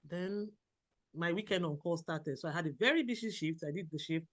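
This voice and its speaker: A woman from Nigeria, a doctor in her thirties, telling a personal story as a podcast guest, animated, often laughing and quoting herself. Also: lowish voice, fairly quick. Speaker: guest, general practitioner.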